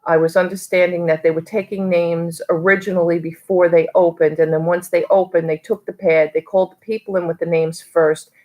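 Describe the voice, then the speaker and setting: Middle-aged woman from new york, low-ish voice, rambly haul vlog chat, lots of ums. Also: little pitch movement, brisk, hardly any pauses, a little mellow. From Long Island, New York. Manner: chatty, rambling with many fillers. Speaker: reseller vlogger. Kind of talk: casual haul video chat.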